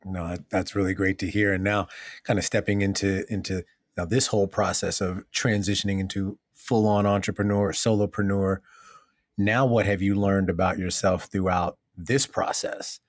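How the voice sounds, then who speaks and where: A man's voice: deep voice, little pitch movement, moderate pace, no echo, studio quality. A man hosting a podcast, affirming his guest and asking a conversational follow-up question. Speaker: podcast host. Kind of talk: casual podcast interview.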